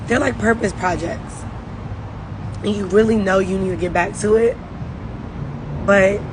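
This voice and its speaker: A woman's voice: medium pitch, poor audio. A woman leading a network marketing team, giving a rambling, emphatic, faith-driven pep talk on a phone livestream.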